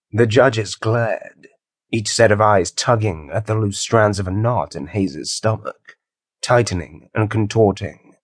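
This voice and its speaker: A man narrating his own science-fiction audiobook in a measured, wry storytelling manner. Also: fairly low pitch, no echo, clean studio sound. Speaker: author and narrator.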